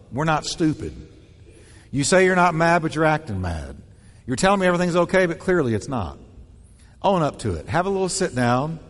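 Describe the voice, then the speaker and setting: A man preaching a sermon with a fairly high voice that leaps up and down in pitch. He drives his points home in short, punchy bursts and repeats key lines. His voice rings out with a long reverb, as if he were speaking in a large hall. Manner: animated, punchy delivery with repeated short phrases. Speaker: pastor.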